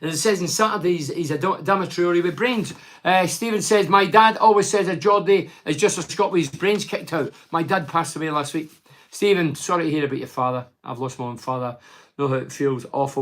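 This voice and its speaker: A man's voice: a little high, brisk, a bit bright. A middle-aged Scottish man hosting a casual phone-in chat, reading out listener messages and answering bluntly. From Scotland. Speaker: radio phone-in host.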